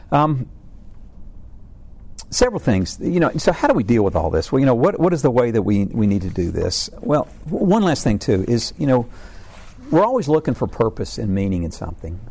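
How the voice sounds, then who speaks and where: Gravelly, mellow-voiced man giving a faith talk. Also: mid-range voice. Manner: earnest, rambling with many restarts and repeated words. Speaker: speaker on faith and family struggles.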